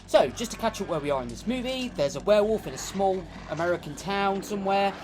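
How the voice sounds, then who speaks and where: A woman's voice: medium pitch, animated, quick pace, over music. A woman from the United Kingdom co-hosting a film review with sarcastic, mocking commentary. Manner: dry, mocking asides, frequent laughs.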